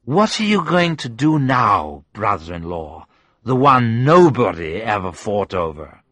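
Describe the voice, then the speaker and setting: A man's voice: medium pitch, wildly swooping pitch, takes it slowly, sharp tone, no echo, pitched above the performer's own voice, full character voice. A man voicing a drunk, grieving young woman who speaks with slurred, spiteful words in an audiobook. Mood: drunk, bitter.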